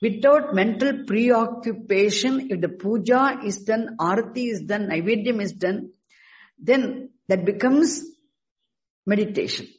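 A man teaching a scripture class, speaking haltingly and stressing key words slowly. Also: high voice, poor audio. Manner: halting, restarts words, slow emphatic stresses. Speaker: Vedanta teacher.

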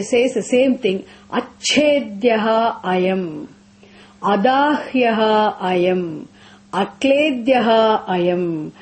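A woman's voice: fairly high pitch, a little mellow. A woman teaching a scripture class, repeating phrases, asking rhetorical questions and chanting verses.

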